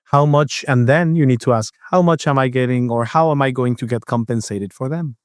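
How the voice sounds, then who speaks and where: A man co-hosts a casual podcast, telling a work story at an ordinary pitch. He stops and restarts often and acts out the other people's lines as he goes. The sound is dry and close. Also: dry recording. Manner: storytelling, halting with restarts, acts out quoted voices. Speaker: podcast co-host. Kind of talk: casual chat.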